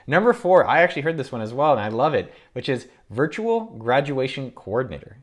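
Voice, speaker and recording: A man in his thirties hosts a video from his home office, rattling off ideas at a rapid clip. His voice sits at a middling pitch, and he sounds upbeat and eager as he lists each new idea like an entrepreneur pitching opportunities. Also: very animated. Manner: upbeat, quick, listing ideas with enthusiasm. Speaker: entrepreneur and YouTube host. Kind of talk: casual talk to camera.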